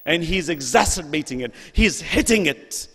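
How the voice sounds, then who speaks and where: A man giving an emotional religious lecture, building to loud questions and sinking to hushed, near-whispered passages. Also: fairly high pitch, expressive, normal speed, husky, in a large hall.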